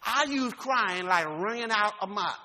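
A man pastor preaching a sermon, folksy and informal, swinging from loud rising shouts to low quiet talk. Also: lively intonation, measured pace.

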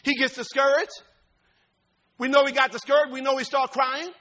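A man pastor preaching a sermon, folksy and informal, swinging from loud rising shouts to low quiet talk. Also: level tone, normal speed.

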